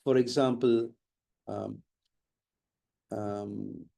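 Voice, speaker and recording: A man teaches an exam-prep webinar over an online mic. His tone is mellow and warm, and he explains things emphatically, hammering key words again and again. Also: fairly low pitch, steady tone, extremely slow, gravelly. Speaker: IELTS trainer.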